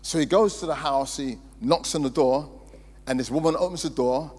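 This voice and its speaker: A male pastor, preaching a sermon in a church hall and swinging between loud emphasis and quiet storytelling. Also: fairly high pitch, normal speed. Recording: reverberant hall with mains hum.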